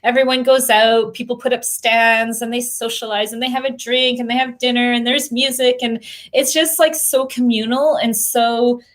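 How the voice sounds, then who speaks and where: Woman host, chatty live Q&A storyteller, laughs a lot, voice a touch high. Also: fairly even intonation, moderate pace, fairly bright tone. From Canada. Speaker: family travel host. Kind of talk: casual live Q&A chat.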